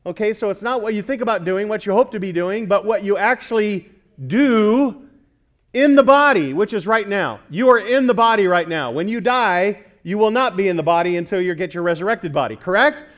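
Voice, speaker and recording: A man's voice: high-pitched, a little fast. A male pastor preaching a sermon, often asking the congregation questions and repeating key words for emphasis.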